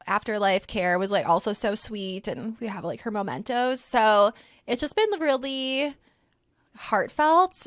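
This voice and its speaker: A woman's voice: a little high, dry recording, clean studio sound. A young woman co-hosting a podcast, talking in a casual, chatty way and filling her sentences with "like". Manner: chatty, heavy use of "like". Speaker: podcast co-host. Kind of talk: casual chat.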